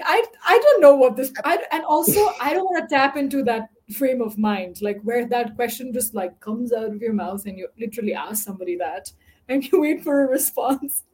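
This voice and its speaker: A woman from Nepal, chatting as a podcast guest, animated and laughing often between filler-laden sentences. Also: fairly high pitch, moderate pace. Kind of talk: casual interview chat.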